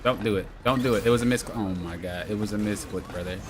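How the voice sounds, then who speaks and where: A man's voice: lowish voice, fast, music in the background. A young man giving live gameplay commentary, teasing and complaining in mock exasperation at his teammates. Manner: exasperated, playful trash talk to teammates. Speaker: streamer playing a hero shooter.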